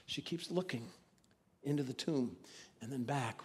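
A man preaching a sermon, moving between loud emphasis and hushed, dramatic quotes. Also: mid-range voice, unhurried, pauses often, breathy edge, long reverb tail.

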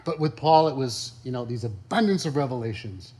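A man's voice: medium pitch, expressive, brisk, darkish tone, breathy edge. A man preaching a sermon in a conversational, folksy way, full of rhetorical questions and asides. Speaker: pastor.

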